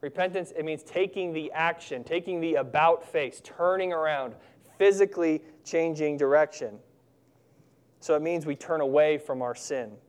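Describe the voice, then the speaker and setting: A man preaching a sermon, earnest and emphatic, slowing down to stress key words. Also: on the high side.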